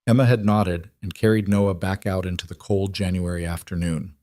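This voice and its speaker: Low-voiced man narrating a somber story. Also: steady tone, moderate pace, warm tone, no room sound, clean studio sound.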